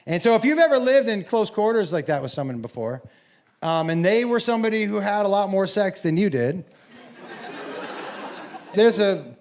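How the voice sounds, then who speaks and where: A man doing a stand-up comedy set on a club stage, telling stories loudly and profanely, with bursts of shouting. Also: high-pitched, big pitch swings, moderate pace, long pauses. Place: comedy club stage before a laughing audience. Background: audience laughter and room ambience.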